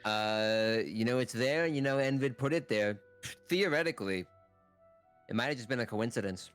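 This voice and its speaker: A man running a tabletop game as game master, giving calm, plain explanations. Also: medium pitch, normal speed, smooth, soft background music.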